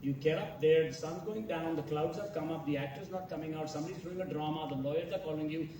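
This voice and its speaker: A director telling animated stories at a festival masterclass, quoting other people as he goes. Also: fairly high pitch, quick pace, noisy background. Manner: animated storytelling, quotes others. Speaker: film director. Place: large festival hall. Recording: echoey hall, picked up from far off.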